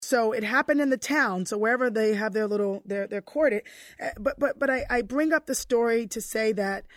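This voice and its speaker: Woman, high-pitched, animated storyteller, emotional, frequent restarts, dry close sound. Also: a little fast, dry recording. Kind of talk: casual conversation.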